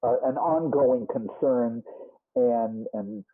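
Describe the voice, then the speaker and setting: A man's voice: medium pitch, takes it slowly. A man in his sixties with a Boston accent, a musician guest telling rambling stories with lots of restarts and asides in a casual interview. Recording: muffled phone-like band.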